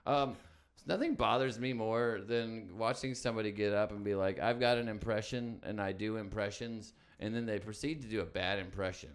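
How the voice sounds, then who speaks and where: A man co-hosting a comedy podcast, rambling in casual banter with sudden loud bursts. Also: fairly low pitch, fairly even intonation, moderate pace, clean tone.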